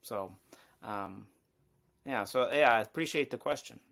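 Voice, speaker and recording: A man's voice: mid-range voice, measured pace, gravelly, a bit bright. A man taking part in a Bible study discussion, thinking aloud with frequent restarts and hedges as he works through his view. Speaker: study participant.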